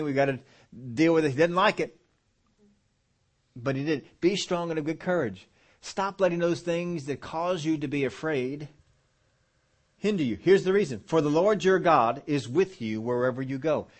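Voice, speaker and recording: A man preaching a midweek sermon, reading scripture aloud and slowing down to stress words. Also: on the high side. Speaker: pastor.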